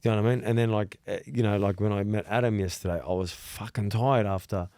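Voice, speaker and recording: A man's voice: on the low side, fast talker, no echo, clean studio sound. A man, host of a casual podcast chat, telling stories with lots of swearing and acted-out dialogue. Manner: animated storytelling, heavy swearing, acts out quoted dialogue.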